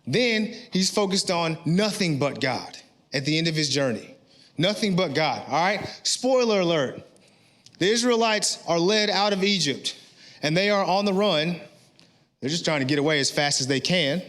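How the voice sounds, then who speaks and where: A male pastor preaching a sermon in a church, animated, with rising shouts at his peaks and frequent "all right?" check-ins to the congregation. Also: fairly high pitch, normal speed. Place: church sanctuary.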